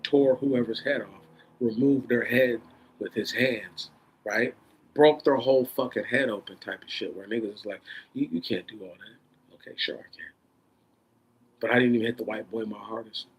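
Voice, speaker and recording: A man in an unscripted, profane rant, swinging between loud bursts and a held-down, controlled tone. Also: mid-range voice, slightly rough. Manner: says he is holding his voice down in a controlled tone. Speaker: vlogger.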